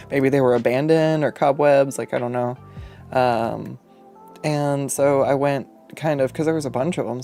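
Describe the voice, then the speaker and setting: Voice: medium pitch, gravelly, dark tone. An artist telling a rambling, profane story in a casual chat while drawing, laughing often along the way. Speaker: artist and streamer.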